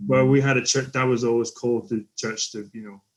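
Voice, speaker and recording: A man's voice: medium pitch, fairly even intonation, brisk. A man from the UK, a podcast guest, talking casually and reflectively about family, often trailing off. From United Kingdom.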